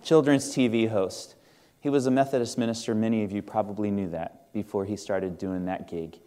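Male pastor w/ a slight midwestern accent, warm mellow voice, chatty earnest sermon in a church. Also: lowish voice, steady tone, normal speed, clear, resonant tone. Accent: Midwestern American. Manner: earnest, conversational preaching with rhetorical questions to the congregation. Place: church sanctuary.

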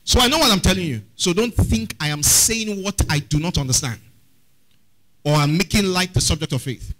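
A man's voice: high-pitched, expressive, normal speed, fairly bright tone, low-quality recording. A man preaching a sermon as pastor, often asking the congregation questions.

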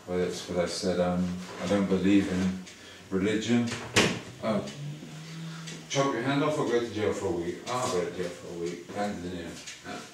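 An English man rants at the camera in a low voice at a normal pace, swearing constantly through his monologue. The room echoes, he sits far from the mic, and the recording is noisy.

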